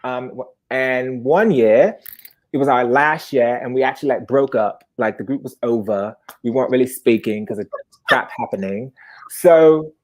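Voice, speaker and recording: Young man in his 20s, live storyteller, chatty and animated, mid-pitched voice. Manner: animated, chatty, jumps into high-pitched bursts.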